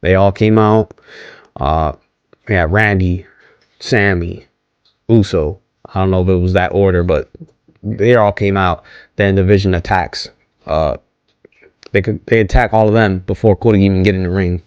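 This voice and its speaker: A man speaking low, at normal speed and with fairly even intonation, rambles through a casual recap of a wrestling show, pausing often. He hesitates with many ums, restarts and corrects himself, and asks viewers questions and to leave comments. His tone is clean, with no room sound, though the recording is lo-fi.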